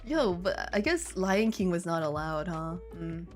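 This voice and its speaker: A woman's voice: lowish voice, animated, measured pace, soft background music. A woman reading fanfiction aloud with sarcastic, laughing commentary.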